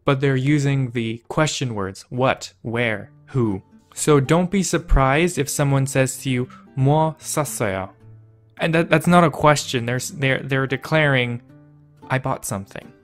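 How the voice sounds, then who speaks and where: A man explains grammar points in a relaxed, playful way, poking fun at his own past mistakes. His voice sits at an ordinary middle pitch. Soft guitar music plays faintly underneath. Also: unhurried, few pauses. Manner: playful, self-mocking explainer. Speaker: language teacher. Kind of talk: casual educational video.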